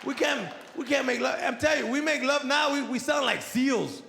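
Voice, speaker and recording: A man's voice: very high voice, normal speed, creaky, a crowd in the background, noisy background. A middle-aged man doing a stand-up comedy routine on stage, swearing freely and acting out his family's voices. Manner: profane, animated, acts out voices of family. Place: comedy stage before a live audience. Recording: echoey hall with audience.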